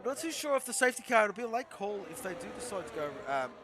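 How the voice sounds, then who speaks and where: A young man giving chatty, excitable live commentary on an online racing league, laughing often and talking to viewers in chat. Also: sits high, fast talker, noisy background. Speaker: esports race commentator.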